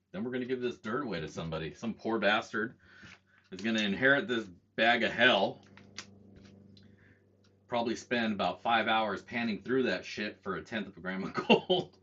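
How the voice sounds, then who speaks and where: A man's voice: lowish voice, a bit bright. A man hosting a casual livestream, talking in a profane, self-mocking way and chuckling at his own jokes. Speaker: livestream host. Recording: dull lo-fi stream audio, faint noise.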